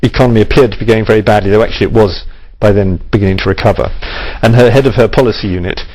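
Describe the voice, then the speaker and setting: A man's voice: fairly low pitch, steady tone, racing, a little mellow, low-quality recording. A man answering interview questions animatedly, with stammered restarts.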